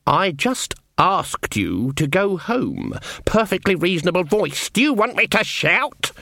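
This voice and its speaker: A man's voice: high-pitched, animated, normal speed, bright, forceful tone, no echo, studio quality, voice pushed up. A man voicing a proud, stern old witch woman with a blunt, clipped way of talking.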